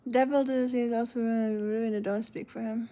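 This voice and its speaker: German lady streaming, chatty, reading chat out loud and answering, voice sits a bit high. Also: steady tone, normal speed. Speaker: live streamer. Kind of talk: casual live-stream chat.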